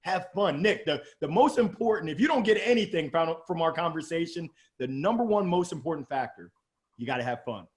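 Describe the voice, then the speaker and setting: A middle-aged man with a Southern drawl from Alabama, talking as a guest in an interview, animated and exuberant, joking about himself. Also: on the high side. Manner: animated, exuberant, quick jokes. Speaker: guest sales coach. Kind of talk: energetic interview talk.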